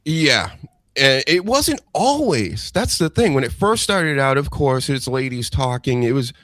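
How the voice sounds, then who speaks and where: A man co-hosting a podcast, chatting casually in an animated, rambling way and laughing easily. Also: medium pitch, unhurried, dry recording. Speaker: podcast co-host. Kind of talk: casual chat.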